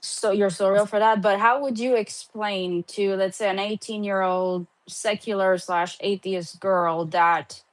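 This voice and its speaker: A woman's voice: mid-range voice, steady tone, a little slow, hardly any pauses, low-quality recording. A woman joining an audio chat to ask a question in a casual, conversational way. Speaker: participant asking a question.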